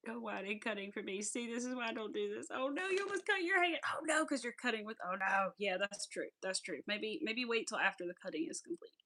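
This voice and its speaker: A chatty woman, talking casually while she crochets on a livestream. Her voice has a gravelly fry, and she laughs often and drops to a whisper when counting stitches. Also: a little high, fairly quick, hardly any pauses, sharp tone. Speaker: craft livestream host.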